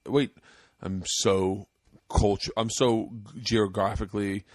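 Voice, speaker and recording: A man's voice: fairly low pitch, steady tone, takes it slowly, a little mellow, no echo, clean studio sound. Boisterous, profane man telling stories. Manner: profane, boisterous, acts out quotes. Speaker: podcast host and stand-up comedian. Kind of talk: casual storytelling chat. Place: home man cave.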